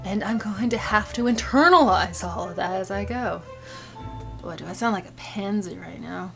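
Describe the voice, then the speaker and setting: A woman's voice: medium pitch, normal speed, vocal fry, over music. A woman vlogging casually to her viewers, dramatic and self-mocking, repeating exclamations under her breath. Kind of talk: casual vlog talking to camera.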